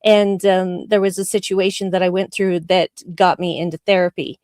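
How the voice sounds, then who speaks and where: A woman's voice: fairly low pitch, fairly even intonation, moderate pace, darkish tone, no room sound. Casting note: sincere woman co-host on a webcam, dry close sound. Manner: candid, heartfelt, earnest. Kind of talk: casual chat.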